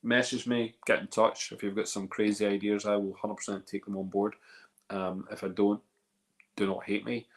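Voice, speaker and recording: A man's voice: lowish voice, level tone, moderate pace. A Northern Irish man hosting a whisky festival live stream, chatting casually and rambling, often repeating words. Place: live video call.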